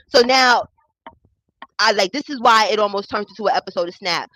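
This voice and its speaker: A woman's voice: on the high side, quick pace, background noise. A young woman telling a profane personal story in a casual storytime vlog, acting out the voices of the people in it. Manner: animated, acts out quoted voices, profane.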